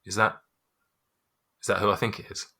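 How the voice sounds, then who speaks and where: A man's voice: fairly low pitch, level tone, moderate pace, vocal fry, pushed and bright, husky, heavily acted. A man voicing a friendly middle-aged male shopkeeper who talks in an effusive, fumbling way.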